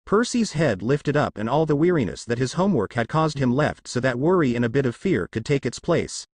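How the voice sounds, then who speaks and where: A man narrating fan fiction aloud in a lively storytelling manner. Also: mid-range voice, fairly quick, husky, dry recording, clean studio sound.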